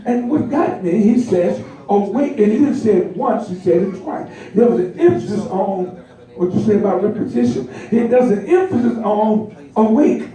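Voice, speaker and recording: High-voiced preacher in an echoey hall. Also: male voice, normal speed. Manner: animated, laughing, acts out voices. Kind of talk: sermon. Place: church. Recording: echoey church hall, distant mic. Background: congregation responding.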